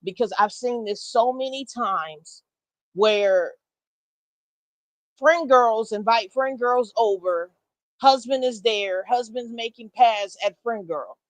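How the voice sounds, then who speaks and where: A woman telling a story in a blunt, animated way. She swears freely and talks straight to her listeners as y'all. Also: on the high side, takes it slowly, no room sound, rough recording. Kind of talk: casual storytime.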